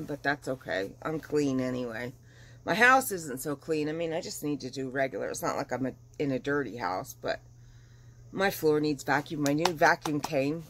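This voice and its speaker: A woman's voice: low-pitched, moderate pace. Woman, middle-aged, casual home vlog, chatty, dramatic storytelling, just over the flu. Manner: chatty and animated, dramatic retelling. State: recovering from flu. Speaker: vlogger. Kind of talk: casual chat. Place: at home, windows open.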